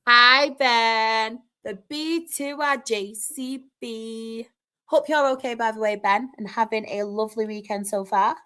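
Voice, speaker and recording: Her voice is mid-range, and she's a young Northern English woman hosting a live stream. She chats casually, reads out comments, and is excitable, with quick bursts of laughter.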